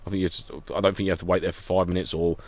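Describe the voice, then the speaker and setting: Man, low voice, dry close sound, casual podcast chat, animated storytelling with laughter. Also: rapid-fire, no echo. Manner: animated storyteller, laughs often, acts out quotes. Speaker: podcast co-host.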